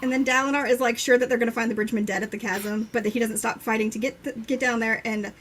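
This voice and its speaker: Young woman recapping a book fast and gushing, high voice, light hiss under the mic. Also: fairly even intonation, fairly bright tone. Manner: enthusiastic, swears freely, acts out quotes with laughter. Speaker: book discussion co-host. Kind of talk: casual live-stream book chat.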